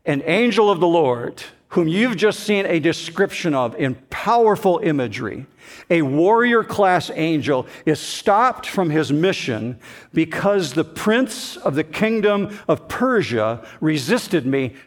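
Slow, emphatic male preacher. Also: on the high side, sing-song. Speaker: pastor. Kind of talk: sermon.

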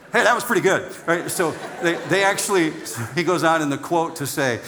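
A middle-aged man preaching a sermon in a relaxed, conversational way, teasing the congregation and repeating words for emphasis. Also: fairly high pitch. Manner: repeats words for emphasis, slows down on key phrases. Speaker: pastor.

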